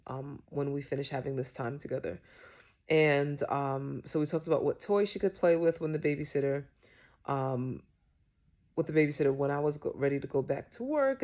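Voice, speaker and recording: Woman, low voice, gravelly texture, casual storytelling, chatty with fillers. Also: a little mellow. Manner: unhurried, chatty with frequent fillers. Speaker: parenting creator.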